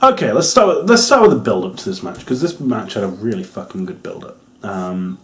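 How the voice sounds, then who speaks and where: A man giving a casual, rambling wrestling review, full of fillers and restarts, getting louder and excited when he jokes. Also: on the low side, a little fast, a little hiss or hum. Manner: gets excited and loud when joking.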